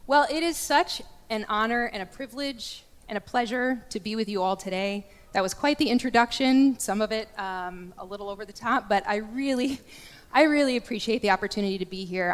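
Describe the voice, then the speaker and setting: Woman, guest lecture, lively and candid, echoey church hall. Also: medium pitch. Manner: candid and lively, jokes with the audience. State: getting choked up. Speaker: guest speaker. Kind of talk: lecture talk. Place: large church.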